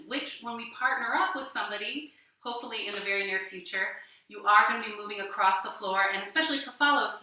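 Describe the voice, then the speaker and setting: Woman dance instructor, bright voice, counts beats and scats, talks a little out of breath; echoey room, off-mic. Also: medium pitch, far from the mic, a little hiss or hum. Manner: counts and scats rhythms aloud while dancing; encouraging, chatty teaching. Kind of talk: livestreamed dance lesson.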